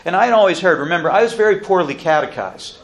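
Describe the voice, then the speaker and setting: A man giving an earnest, solemn spoken testimony, speaking deliberately with pauses and restarts. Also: sits high, lively intonation.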